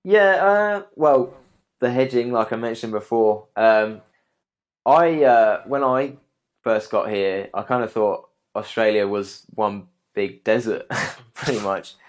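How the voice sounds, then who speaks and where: A young man, a guest arborist, answering interview questions in a relaxed way with many ums and restarts. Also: on the low side, takes it slowly.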